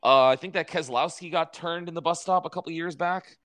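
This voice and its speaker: Young dude hosting a racing chat, bright voice, swears a lot, dry sound. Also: male voice, on the high side, no room sound. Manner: excited, swears freely, quick asides. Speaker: podcast host. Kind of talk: casual chat about racing.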